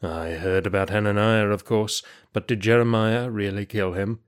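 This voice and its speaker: Brief: male narrator doing a soft-spoken, level-headed guard; low and hushed. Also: fairly even intonation, normal speed, clean tone, lightly acted. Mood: calm. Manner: soft, placating. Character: calm, sympathetic male prison guard.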